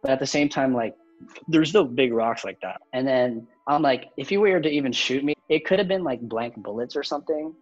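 A man's voice: mid-range voice, brisk, muffled recording, faint music behind. Young man rambling through a spooky story. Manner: rambling, heavy "like" fillers, frequent swearing. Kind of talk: casual storytelling.

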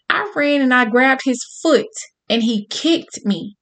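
Woman storyteller, candid and profane, talks straight to the crowd with lively drive. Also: high voice, measured pace. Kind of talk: personal storytelling to an audience.

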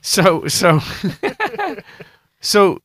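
A man's voice: high voice, huge pitch swings, very slow, fairly bright tone, no echo, studio quality. A man hosting a podcast interview, telling loose stories full of slang and profanity. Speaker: podcast host. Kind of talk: casual interview chat.

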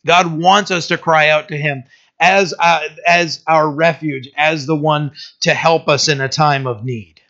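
A man's voice: a little high, bright, forceful tone, dull audio. A man preaching a sermon in a conversational way, restarting phrases and rising in emphasis.

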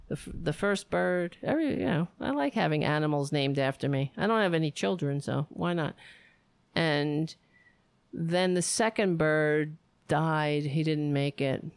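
A woman's voice: deep voice, smooth, no echo. A woman hosting her own show, chatting casually to the camera in a rambling, heartfelt way that often breaks off mid-sentence. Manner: rambling, self-interrupting, heartfelt. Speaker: show host. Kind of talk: casual direct-to-camera chat.

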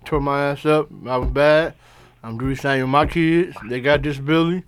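A man in casual chat speaking bluntly and sternly in a low-key way. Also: fairly even intonation, normal speed, clear, resonant tone, no room sound.

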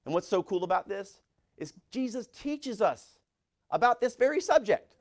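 Middle-aged male pastor with a slightly high voice, preaching with animated force. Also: normal speed. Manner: animated preaching, reads scripture aloud with rising force. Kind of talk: sermon.

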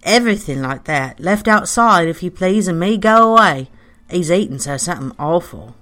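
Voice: medium pitch, animated, moderate pace, sharp tone, soft background music. A reader doing a fretful, humble serving woman. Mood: worried.

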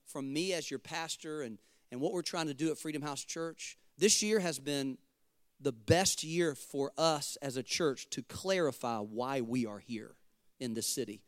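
A man preaching with a fervent, emphatic drive and a fairly high voice for a man. He breaks into casual, joking asides to the congregation. The sound is dry and close. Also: no room sound. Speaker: pastor. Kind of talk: sermon.

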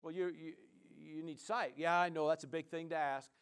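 A man preaching a sermon, his voice sitting a little high for a man. He talks in a loose, conversational way, full of fillers and call-and-response amens. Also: steady tone, normal speed, clear, resonant tone. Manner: casual, conversational delivery with many fillers. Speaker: pastor.

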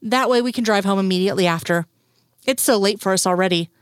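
A woman reading a story aloud, voicing a wry, affectionate man in her own voice, low-key and intimate. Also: fast, no echo, clean studio sound, natural voice.

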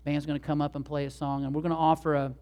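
A man's voice: on the high side, level tone, very fast, a little mellow. A male pastor giving a sermon, telling a story in a conversational way with asides to the congregation.

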